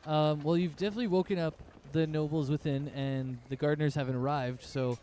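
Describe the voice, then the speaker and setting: A man narrating as game master of a tabletop game, relaxed and loose, with restarts. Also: on the high side, a little fast, a little hiss or hum.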